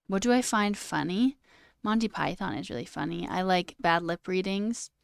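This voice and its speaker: A chatty young woman streamer in relaxed conversation, laughing easily and often saying "okay" and "all right". Her voice sits a little low, and the sound is dry and close. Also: normal speed, gravelly, smooth, no room sound. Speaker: livestream host. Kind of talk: casual stream chat.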